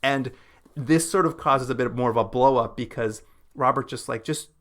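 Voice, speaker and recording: Guy on a movie podcast, mid pitch, retelling scenes, keeps doing little quotes of the characters. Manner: retells scenes with quick acted-out quotes, many "like" fillers. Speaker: podcast co-host. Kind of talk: casual film discussion.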